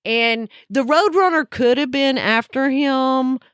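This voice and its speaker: A woman co-hosting a podcast in casual chat, excitable and chatty. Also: sits high, slow pace, clear, resonant tone, no room sound, studio quality. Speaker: podcast co-host.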